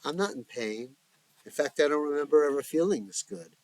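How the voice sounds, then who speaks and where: A man's voice: on the high side, animated, brisk, darkish tone, no room sound, pitched above the performer's own voice, natural voice. A man voicing a distraught young woman in crisis, read aloud in a plain script-reading manner. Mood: dazed.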